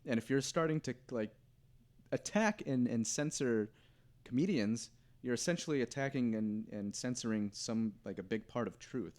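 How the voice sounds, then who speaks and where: A man's voice: medium pitch, normal speed, darkish tone. A man in casual podcast chat, rambling and hesitant, restarting his sentences often.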